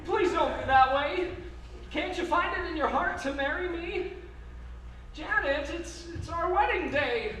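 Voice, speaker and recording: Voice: extremely high pitch, unhurried, fairly bright tone, slight background noise. A performer playing an earnest, lovestruck young groom who pleads sincerely. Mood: pleading. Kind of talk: stage musical performance. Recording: echoey stage from far off with music.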